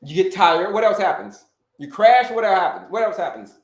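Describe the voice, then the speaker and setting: A high-voiced man coaching viewers on a casual live stream, talking with energy and circling back over the same points. He grew up in Florida and keeps calling out to his audience. The sound bounces around an echoey room. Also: brisk. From Orlando, Florida. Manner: energetic, repetitive, calls out to viewers. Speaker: health coach and livestream host.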